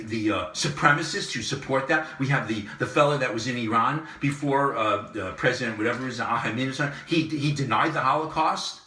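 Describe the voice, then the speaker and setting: A man hosting his own commentary channel, delivering an impassioned monologue that repeats phrases and swings between loud and soft. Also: medium pitch, reverberant, distant mic. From Southern California. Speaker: online commentary host.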